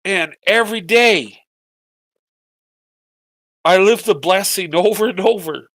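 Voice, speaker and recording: Middle-aged male vlogger, high-pitched, tearful and faltering, dry recording. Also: fairly bright tone, no echo. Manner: halting, repeats words, voice breaking with emotion. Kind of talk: emotional personal monologue.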